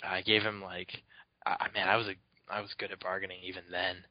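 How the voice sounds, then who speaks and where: A man with a lowish voice chats casually on a podcast, rambling through an anecdote with frequent "like"s and chuckles. The recording is dry and slightly muffled, lo-fi in quality. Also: flat delivery, fairly quick, dry recording. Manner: rambling, many "like" fillers, laughs often. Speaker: podcast co-host. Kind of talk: casual chat, telling anecdotes.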